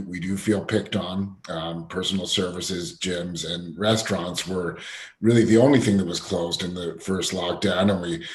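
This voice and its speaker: A man who owns a restaurant, speaking at a meeting in a measured, weary way. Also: low-pitched. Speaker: restaurant owner. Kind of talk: meeting remarks. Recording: echoey room.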